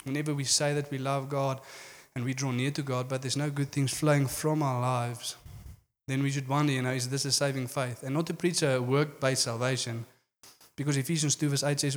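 A man's voice: mid-range voice, flat delivery, a little fast, long reverb tail. A man preaching a sermon in an earnest manner, often saying "you know".

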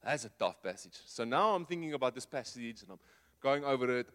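A man preaching at a middle pitch in a loose, conversational way, with a long reverb trailing every phrase. He leans on rhetorical questions and drops to a hushed low voice when he lands a point. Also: lively intonation, a little fast. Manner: drops to a soft low voice for emphasis. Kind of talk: sermon.

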